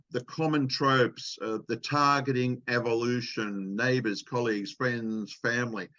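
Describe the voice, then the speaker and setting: A man's voice: fairly low pitch, fairly bright tone. A man hosting an interview, earnestly asking questions and listing topics. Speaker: interview host. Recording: dull lo-fi sound.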